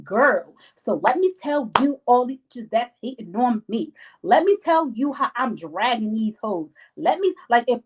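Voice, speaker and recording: A young woman talks straight to her live viewers, handing out life advice in a casual, emphatic way. She leans on slang and repeats her points for weight, and her voice sits a little on the high side. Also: dull audio. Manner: emphatic, repetitive, slangy, acts out friends' lines. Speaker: live-stream host giving life advice.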